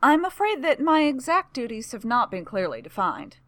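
A woman reading a weary, reserved gentleman. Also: on the high side, big pitch swings, moderate pace, no echo, voice pushed up. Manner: tired, firm.

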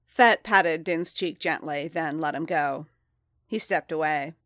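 A woman reading a story aloud in a steady, even narration. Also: sits low, measured pace, no room sound, studio quality. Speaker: reader. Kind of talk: audiobook-style story reading.

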